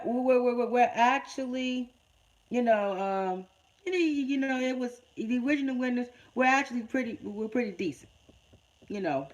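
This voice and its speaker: A man's voice: very high-pitched, lo-fi sound. A man giving a casual podcast-style wrestling review. He stammers and repeats words often, and he rants in exasperation. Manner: ranting, exasperated.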